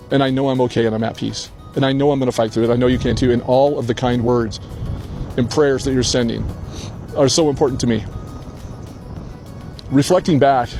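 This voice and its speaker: An older man talks straight to his viewers, tearful yet steady, his voice mellow and soft-edged. He sounds earnest and heartfelt, with faint music playing under him. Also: medium pitch. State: crying. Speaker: channel host. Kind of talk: emotional personal vlog. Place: outdoors on a hillside rock.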